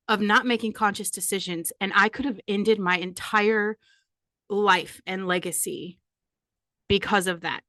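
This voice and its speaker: A woman's voice: mid-range voice, sharp tone, no room sound. Emotional woman in her forties, dry sound. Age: 40s. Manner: candid, emotional, holding back tears. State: close to tears. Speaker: podcast host. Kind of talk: personal confession monologue.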